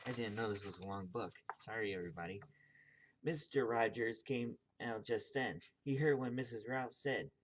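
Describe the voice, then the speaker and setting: Man reading a kids' book aloud; halting, self-correcting. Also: on the low side, a little hiss or hum. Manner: stumbles and corrects himself. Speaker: video host reading aloud.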